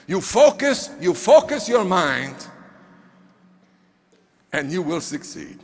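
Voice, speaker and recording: A man voicing a short, stern mentor who talks slowly and insistently in broken English, in a reverberant hall. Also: high-pitched, big pitch swings, heavily acted.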